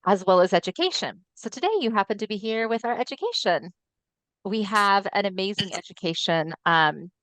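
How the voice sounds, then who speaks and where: A woman's voice: medium pitch, a bit bright, dry recording. A woman presenting an educational webinar in a friendly, explanatory way with frequent ums, recorded on a video call microphone. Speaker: webinar presenter for an ALS voice nonprofit.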